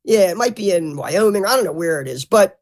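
A woman speaking as a guest in a loose, casual interview. She is blunt and salty with her words, and her pitch jumps around a lot in an animated, expressive way. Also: a little fast. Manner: blunt and profane; animated, mimics others. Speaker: podcast guest.

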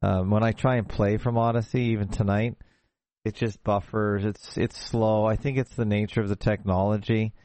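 A man hosting a show, talking casually over a video call in a halting way, often restarting his sentences. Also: on the low side, level tone, warm tone, slight background noise. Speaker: show host.

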